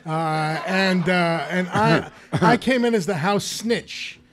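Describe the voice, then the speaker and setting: A man, a guest actor, telling lively anecdotes in a live stage interview before an audience. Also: high voice, takes it slowly, background noise. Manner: animated storyteller, laughs often.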